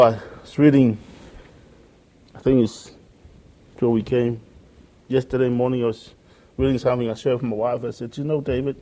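A man delivering a sermon with a mellow, warm-toned voice. He speaks earnestly, circling back to repeat phrases as he quotes scripture. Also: medium pitch. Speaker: preacher.

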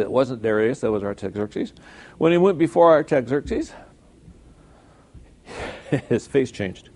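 Gravelly voiced guy preaching a sermon, chatty, lots of rhetorical questions. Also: medium pitch, darkish tone. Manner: conversational, rhetorical questions, self-corrections.

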